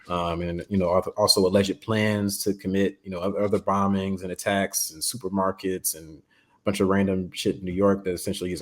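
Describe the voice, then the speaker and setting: A man, a guest writer, telling a story in casual podcast chat, loose and full of fillers. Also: sits low.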